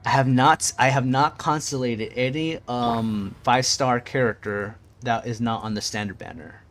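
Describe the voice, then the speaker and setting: A man streams a video game, chatting easily with viewers and muttering to himself as he digs through menus. His medium-pitched voice is unhurried and a bit bright, over slight background noise.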